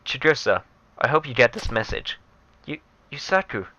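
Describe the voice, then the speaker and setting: A man voicing a regretful young man leaving a farewell message, in a quiet, subdued reading. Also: mid-range voice, sing-song, moderate pace, muffled recording, slight background noise.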